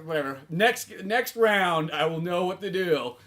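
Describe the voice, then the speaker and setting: A man's voice: sits high, lively intonation, measured pace, a bit bright. A man co-hosting a comedy podcast, chatting loosely about video games, rambling and swearing and acting out bits. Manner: rambling, profane, acts out bits in silly voices. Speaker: podcast co-host.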